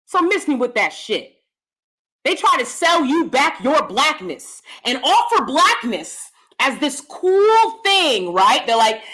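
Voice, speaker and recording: American woman commentator, high voice with a wide range, blunt and profane. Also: sing-song, moderate pace, pushed and bright. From United States. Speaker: YouTube commentator. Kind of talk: ranting commentary.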